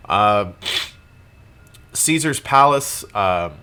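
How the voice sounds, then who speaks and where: A man's voice: fairly low pitch, animated, very slow, pushed and bright, clean tone. A congested young man with a cold, rambling casually through a show-and-tell about things he resold, with plenty of fillers and restarts. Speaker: reseller vlogger.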